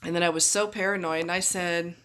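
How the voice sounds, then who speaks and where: A woman's voice: on the low side, steady tone, fairly quick, fairly bright tone, clean tone. A woman vlogging after surgery, groggy and chatty, rambling through her story and acting out what people said. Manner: chatty, rambling, acts out quoted voices. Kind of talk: casual storytelling.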